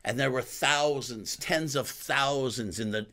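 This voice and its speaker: A man hosting a podcast, telling a story in an animated way and breaking into loud exclamations. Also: medium pitch, a little slow. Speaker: podcast host. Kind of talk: storytelling interview chat.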